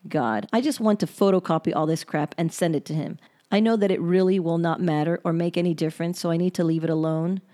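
Woman podcast host with a somewhat low voice, reading her own journal aloud, frank and reflective, swears bluntly. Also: warm tone.

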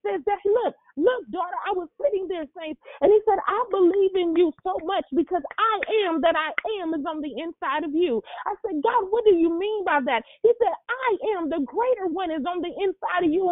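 A woman's voice: very high voice, dry recording. A woman preaching a sermon in a fervent, rhythmic style, repeating her lines and at times her voice breaks with emotion. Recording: dry, tinny phone-like sound.

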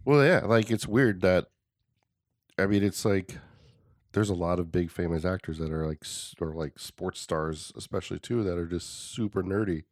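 A man in his thirties hosting a podcast, chatting casually and telling stories in an animated way. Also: deep voice, normal speed, no room sound, studio quality. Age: 30s. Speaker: podcast host. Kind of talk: casual chat.

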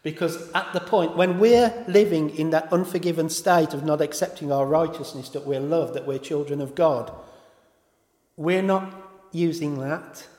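A man's voice: on the high side, moderate pace, darkish tone. A man preaching a sermon in an informal way, often stopping to correct himself and apologise. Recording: echoey hall with long reverb.

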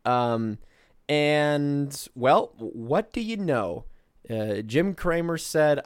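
Slightly high and expressive, this man's voice draws out words with a clean tone, recorded dry at studio quality. He co-hosts a podcast of casual political talk, rambling and filler-heavy.

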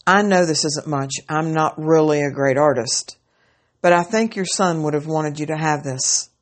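A woman's voice: low voice, normal speed, natural voice. A woman voicing a humble young male soldier who speaks modestly and earnestly.

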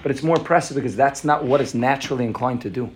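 A man's voice: medium pitch, very fast, a little hiss or hum, lightly acted. A man doing a proud king explaining himself. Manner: explaining, matter-of-fact.

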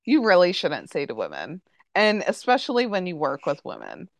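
On a casual podcast, a woman host recaps a TV episode in a chatty way, sprinkling in plenty of "like" and "um." Her fairly low voice swoops wildly in pitch at a normal speed, with no echo.

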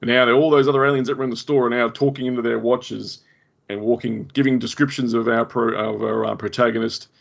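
An Australian man hosts a relaxed podcast movie review. He recounts scenes with enthusiasm and often laughs. His voice has a gravelly edge and sounds a little muffled on his home mic. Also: mid-range voice, quick pace. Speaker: podcast host. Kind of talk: casual movie review chat.

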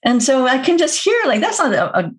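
A woman talking as a guest on a podcast in a reflective, gentle way, often laughing softly. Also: high-pitched, sing-song, a little fast. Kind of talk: casual podcast conversation.

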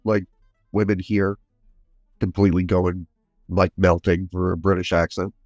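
A man's voice: deep voice, little pitch movement, measured pace, a little mellow, dry recording, muffled recording, faint music behind. A man co-hosting a film podcast in casual chat, speaking bluntly and critically. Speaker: podcast co-host.

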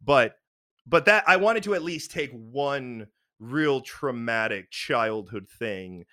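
A man's voice: mid-range voice, expressive, takes it slowly, sharp tone, no echo, clean studio sound. A man telling a personal story in casual chat, frank and rambling with many fillers and restarts.

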